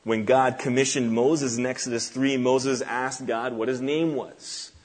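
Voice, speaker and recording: A male pastor delivers an earnest expository sermon in a voice of ordinary middle pitch. He reads long scripture passages aloud, then lowers and softens his voice for the quoted divine words. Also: steady tone, a little slow.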